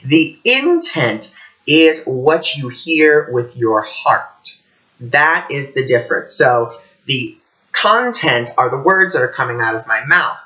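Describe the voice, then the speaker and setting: A man talks through a casual teaching vlog with a bright, forceful tone. His pitch swings widely as he tells his stories with animation. The recording sounds dull and lo-fi. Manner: animated storytelling. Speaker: intuitive teacher and author.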